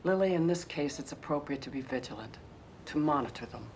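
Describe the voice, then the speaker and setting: Doctor, measured and reassuring, very low voice, faint hiss. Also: female voice, animated, a little mellow. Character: calm female doctor giving check-up news.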